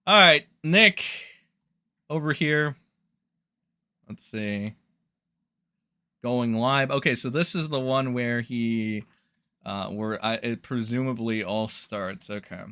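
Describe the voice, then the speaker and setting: A man's voice: medium pitch, takes it slowly, pauses often, pushed and bright, clear, resonant tone. A man live-streaming, reacting to posts in rambling, profane, exasperated commentary to his chat.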